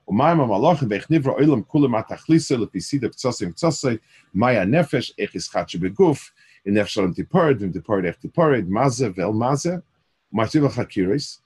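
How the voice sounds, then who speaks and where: A man's voice: mid-range voice, darkish tone, breathy edge. An older man teaching a Torah class, mixing Hebrew phrases into English with frequent restarts.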